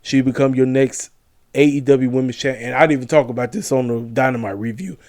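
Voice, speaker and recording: A man's voice: medium pitch, a little fast, a little mellow, no echo, studio quality. A tired man yawning late at night, hosting wrestling predictions in an emphatic, slangy casual chat that repeats points for emphasis.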